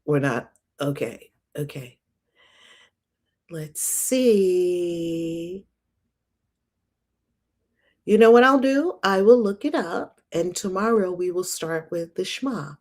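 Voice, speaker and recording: A middle-aged woman hosting a casual livestream about scripture, chatty and animated, laughing often. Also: mid-range voice, slow pace, creaky, pauses often. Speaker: host reading and discussing scripture.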